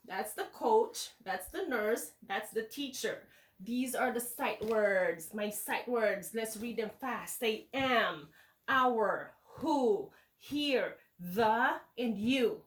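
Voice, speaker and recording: A woman teacher reading a picture book aloud to young children in slow, sing-song teacher talk, checking in with them often. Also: on the high side, distant mic. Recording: echoey room, voice away from the mic.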